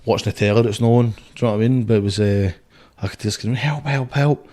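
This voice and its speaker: Young Scottish boxer, low voice, loose and sweary, rambling storyteller. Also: male voice, flat delivery, very fast, mellow. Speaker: guest, boxer. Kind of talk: casual podcast chat.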